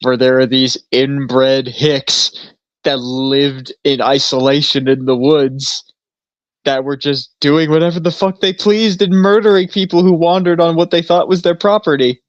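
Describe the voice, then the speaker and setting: A man's voice: a little high, steady tone, a little slow, no room sound. A man co-hosting a casual podcast, telling rambling stories full of fillers and swearing. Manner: rambling storyteller, swears freely, lots of fillers. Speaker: podcast co-host. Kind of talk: casual chat. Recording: dull lo-fi sound.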